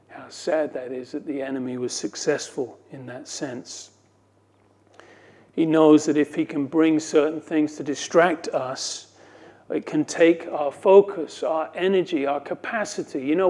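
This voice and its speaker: Fields: Sex: man. Role: pastor. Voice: warm, fairly high. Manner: earnest preaching, dry self-mocking asides. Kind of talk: sermon.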